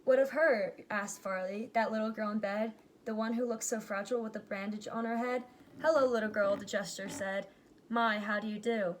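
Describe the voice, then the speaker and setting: A woman reading a rhyming picture book aloud, giving its characters lively but plain voices. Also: medium pitch, normal speed, a little hiss or hum. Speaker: reader.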